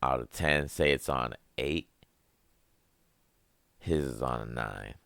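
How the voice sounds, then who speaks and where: A young man hosting a podcast, with a very deep voice, ranting casually and profanely, rambling and laughing at his own jokes. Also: takes it slowly, creaky, a bit bright, no room sound, clean studio sound. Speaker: podcast host.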